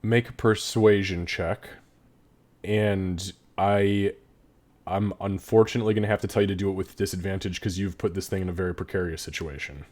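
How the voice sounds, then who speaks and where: A man's voice: deep voice, fairly even intonation, normal speed, a little mellow. A man running a tabletop game as game master, casual, swearing and laughing often.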